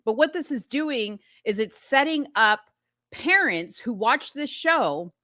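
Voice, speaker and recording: A woman's voice: a little high, very animated, takes it slowly, pushed and bright, no room sound, studio quality. A woman hosting a talk show, giving indignant, incredulous commentary on a TV episode with laughing asides. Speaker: host.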